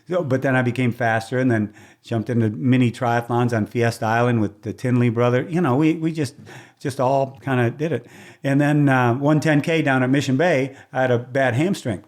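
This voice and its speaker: An older man, a race announcer as a guest, telling stories from his career in chatty, casual conversation and acting out what people said. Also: mid-range voice. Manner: lively storyteller who acts out quoted dialogue; chatty, with restarts and throat clearing.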